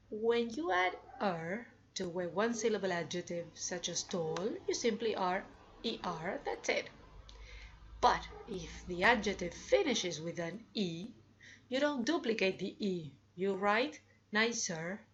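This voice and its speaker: Slow, upbeat woman teaching English grammar. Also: medium pitch, animated, fairly bright tone, highs cut off, a little hiss or hum. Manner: slow, drawn-out examples with upbeat prompts. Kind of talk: grammar lesson.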